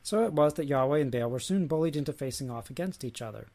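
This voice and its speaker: A man lecturing and reading a book passage aloud in a measured, dry way. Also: mid-range voice, expressive, mellow.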